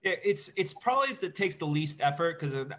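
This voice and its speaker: A man hosting a podcast, asking questions with dry, deadpan jokes. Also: a little high, brisk. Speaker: podcast host. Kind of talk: casual interview chat.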